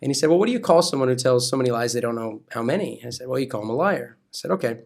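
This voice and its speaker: An American man, a pastor and coach, telling a personal faith story in a lively way, acting out quoted dialogue and then preaching. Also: medium pitch, rapid-fire. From California. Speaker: pastor and wrestling coach, guest.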